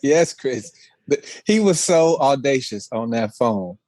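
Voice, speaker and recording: Man, high lively voice, dry close sound, eager, laughs often. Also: unhurried, no echo. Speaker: podcast guest. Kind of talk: casual chat.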